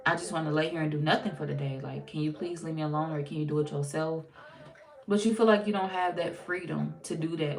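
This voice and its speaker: Low raspy lady reading tarot, talks like she's chatting with a friend, acts out what people say. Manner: chatty, acts out quoted dialogue, swears. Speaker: tarot reader.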